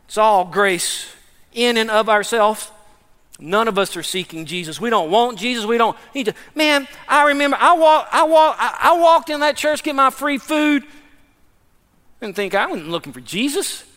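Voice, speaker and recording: A man preaching a sermon to his church, emphatic and informal, swinging from hushed asides to loud declarations. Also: very high voice, animated, moderate pace, in a large hall. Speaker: pastor.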